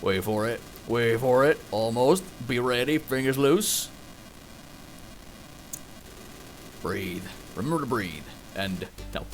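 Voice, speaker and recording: A man puts on a weathered cowboy narrator with a thick Texan drawl, low-voiced and unhurried. He speaks in a quiet, grave hush with a lively lilt to the phrasing. Soft game music plays faintly underneath. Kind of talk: game narration read aloud.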